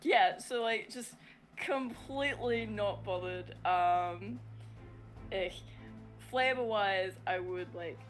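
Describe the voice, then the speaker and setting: A woman's voice: medium pitch, slow, soft background music. A woman playing in a tabletop game, chatting casually and hesitantly with many "um" and "like" fillers. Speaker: player.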